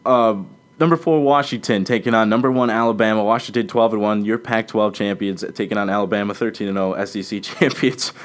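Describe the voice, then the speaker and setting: A man's voice: on the low side, steady tone, brisk. A young man hosting a casual sports podcast, teasing his co-host and laughing often as he runs through game picks.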